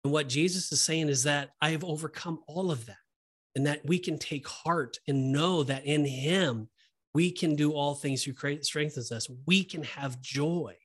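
A man's voice: fairly high pitch, moderate pace, a bit bright. Earnest man discussing scripture. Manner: earnest, preachy, with many fillers and restarts. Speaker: podcast co-host. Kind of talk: casual Bible discussion.

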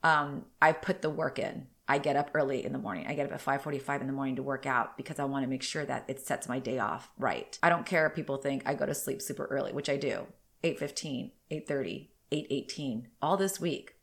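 A woman in her thirties with a bass, creaky, slightly bright voice hosts a podcast by herself. She rambles candidly and sounds somewhat congested.

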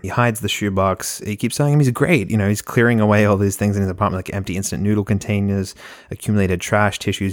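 A young man co-hosting a casual screenwriting lesson, an animated storyteller who laughs often. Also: deep voice, dry recording, clean studio sound. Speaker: screenwriting instructor, co-host. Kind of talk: casual teaching discussion.

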